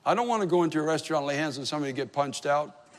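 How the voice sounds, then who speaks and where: A male pastor delivers a sermon in a relaxed, storytelling way, poking fun at himself between earnest points. His voice sits a little high for a man. The sound carries a long reverb, as if from a large hall. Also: racing, a little hiss or hum. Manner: conversational, self-deprecating storytelling with wry humor.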